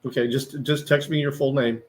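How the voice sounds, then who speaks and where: A man's voice: mid-range voice, fairly even intonation, a little fast. A man at a staffing agency explaining next steps on a phone call, with many hesitant fillers.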